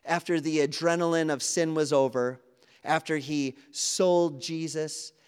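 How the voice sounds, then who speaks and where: Man giving a sermon, kinda high voice, echoey church hall, acts out the quotes. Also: fairly even intonation, a little slow, a little mellow, clear, resonant tone. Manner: earnest, conversational preaching with quoted dialogue. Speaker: preacher. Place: church sanctuary. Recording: long hall reverb.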